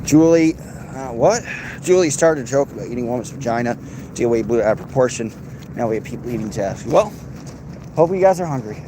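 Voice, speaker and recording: A man's voice: medium pitch, lively intonation, a little fast, background noise. Sarcastic male streamer chatting. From United States. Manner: crude, sarcastic, rambling chat replies. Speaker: livestream host reading chat. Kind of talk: casual livestream chat.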